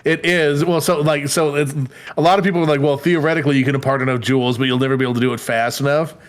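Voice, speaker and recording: A man's voice: fairly high pitch, steady tone, rapid-fire. A man co-hosting a live podcast stream, chatting casually and rambling through stories between laughs. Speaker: podcast co-host.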